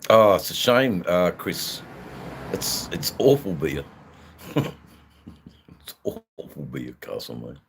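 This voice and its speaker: Speaking slowly with a low, fry-tinged voice, big pitch swings, and frequent pauses, an older Australian man hosts a casual livestream. He reads out viewers' comments and answers them, laid-back and rambling with many fillers. Slight background noise is audible.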